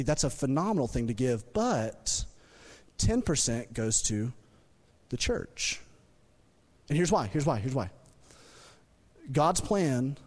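A male pastor preaches an animated sermon in a church sanctuary, his voice rising loud when he's emphatic and dropping low to make his points.

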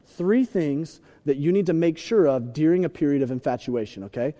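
A man preaching a sermon in a joking, animated way, acting out little scenes. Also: on the high side, normal speed, muffled recording. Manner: animated, joking, acts out voices. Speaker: pastor. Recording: reverberant hall.

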